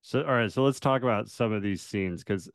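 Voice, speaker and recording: Easygoing male co-host, smooth resonant voice, dry close mic. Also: fairly low pitch, a little fast, no echo. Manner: laid-back, laughs often, fills with "like". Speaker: podcast co-host. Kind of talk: casual chat.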